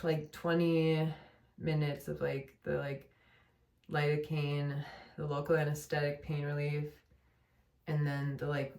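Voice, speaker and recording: A woman's voice: deep voice, a little mellow. A young woman venting late at night at home, in pain and worn down, rambling with lots of fillers and self-corrections. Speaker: vlogger. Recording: roomy echo.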